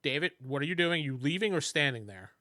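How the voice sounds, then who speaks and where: Young male game master, bright tone, laughs easily, does quick character voices. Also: a little high, lively intonation, dry recording, clean studio sound. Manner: laughing often, voicing characters briefly. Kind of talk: narrating a tabletop game.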